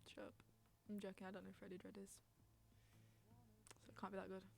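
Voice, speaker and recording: A woman's voice: medium pitch, completely flat delivery, quick pace, gravelly, darkish tone. A young woman hosting a casual chat podcast on stream, rambling, giggling and reading out chat messages.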